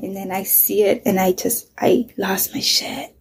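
A woman's voice: mid-range voice, fairly even intonation, moderate pace, vocal fry, warm tone, slightly rough. A middle-aged woman, a mother, candidly telling a painful personal story, swearing often and sometimes dropping to a whisper.

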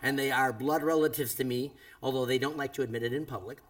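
A man hosting a casual podcast chat, animated and laughing often as he talks. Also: medium pitch, quick pace. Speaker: podcast host. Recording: distant from the mic.

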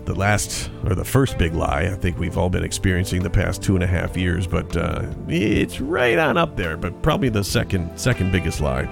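A man's voice: sits low, expressive, normal speed, vocal fry, hardly any pauses, music in the background. Rambling male podcast host. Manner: rambling, conversational storytelling with frequent restarts. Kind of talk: casual podcast chat.

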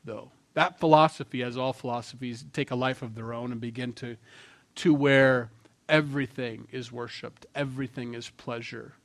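A man preaching a sermon in a conversational tone, swinging between loud emphasis and quiet asides. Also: mid-range voice. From Norwegian heritage. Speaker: pastor.

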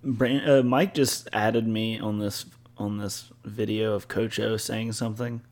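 A man's voice: fairly low pitch, little pitch movement, unhurried, a little mellow. A young man co-hosting a podcast, chatting casually about football in a laid-back, teasing way. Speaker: podcast co-host. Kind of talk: casual sports chat.

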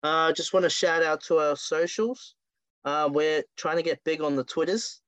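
A man's voice: fairly high pitch, fairly even intonation, moderate pace, a bit bright, no room sound. A man, co-hosting a podcast in a laid-back, joking way. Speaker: podcast co-host. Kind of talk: casual chat.

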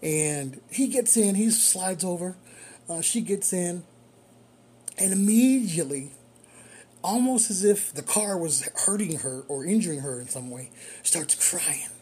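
A rideshare driver loosely recounts a story from his shift, animated and chuckling often. His voice is high, mellow and warm, unhurried, with slight background noise.

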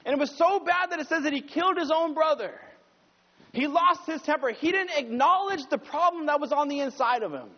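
High-voiced pastor preaching in a reverberant hall. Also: male voice, brisk. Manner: conversational preaching, rises high and loud when pressing a point. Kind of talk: sermon. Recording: dull sound with long hall reverb.

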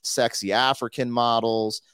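A man's voice: mid-range voice, little pitch movement, measured pace, fairly bright tone, smooth, no room sound, clean studio sound. A man hosting a podcast in loose, slangy casual chat, full of "like" and "you know.". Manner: loose and slangy, full of 'like' and 'you know'. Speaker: podcast host.

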